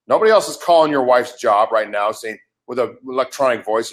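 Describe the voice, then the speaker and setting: A man's voice: medium pitch, animated, a little fast. Agitated older man ranting profanely. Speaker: livestream participant. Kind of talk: heated live webcast argument.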